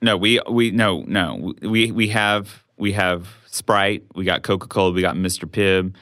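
A man's voice: low voice, fairly even intonation, unhurried, fairly bright tone, no room sound, studio quality. A man playing a blunt, exasperated small-town official in an improvised comedy. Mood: insistent. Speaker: co-host.

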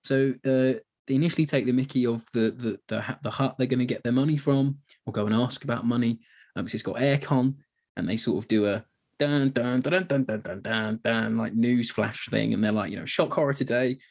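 A man's voice: mid-range voice, steady tone, a little fast, creaky, a little mellow. A man co-hosting a podcast, chatting casually about a film with rambling sentences and lots of fillers. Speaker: podcast co-host.

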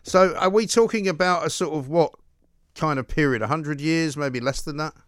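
A man's voice: on the high side, moderate pace, fairly bright tone, dry recording. A man hosting a live radio talk show, chatty and affable, with frequent fillers. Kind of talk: live radio phone-in chat. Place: radio studio.

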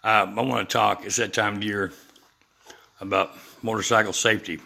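A man's voice: on the low side, flat delivery, moderate pace, gravelly. An older man hosting his own podcast, talking in an unscripted, rambling rant full of swearing and fillers. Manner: profane and rambling, with many fillers; gets loud and heated when quoting himself. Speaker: podcast host.

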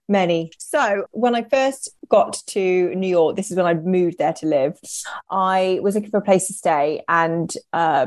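A woman's voice: lowish voice, darkish tone, no room sound. A young woman casually telling a story, chatty and swearing, acting out the voices she quotes.

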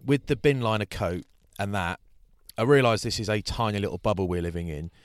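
A man's voice: on the low side, brisk, smooth, dry recording. A man chatting casually on a podcast, rambling through a story and mimicking the people who tease him. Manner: chatty, rambling, does mocking voices for hecklers. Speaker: rugby broadcaster and podcast co-host. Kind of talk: casual chat.

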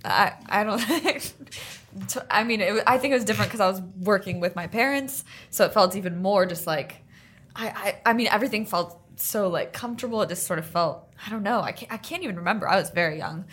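Young female actress, halting, unsure interview answers. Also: mid-range voice, fairly bright tone, husky. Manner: hesitant, trailing off. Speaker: actress guest. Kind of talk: casual interview.

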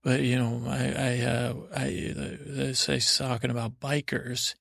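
Middle-aged man, deeply gravelly, monotone, dry close sound, meandering bedtime rambling. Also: dry recording. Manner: meandering, trailing off with many fillers and restarts; slow and unhurried. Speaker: podcast host.

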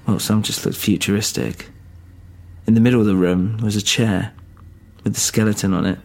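A man's voice: on the low side, creaky, a little mellow. A man narrating a first-person story in a weary, dry, wry manner.

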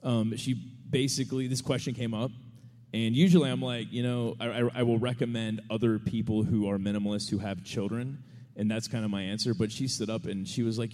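A man co-hosting a live podcast, answering an audience question with a relaxed anecdote. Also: fairly low pitch, fairly quick. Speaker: podcast co-host. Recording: reverberant live venue.

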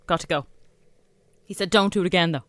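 A woman's voice: lowish voice, a little fast, fairly bright tone, no room sound. A young woman with an Irish accent co-hosting a radio show, telling stories in a chatty, laid-back way. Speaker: radio co-host. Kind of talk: casual radio chat.

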